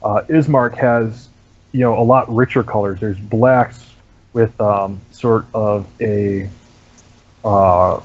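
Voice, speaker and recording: A man's voice: lowish voice, fairly even intonation, slow, phone-quality sound. A man narrating as game master for a tabletop game, casual and full of fillers. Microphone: online voice chat mic.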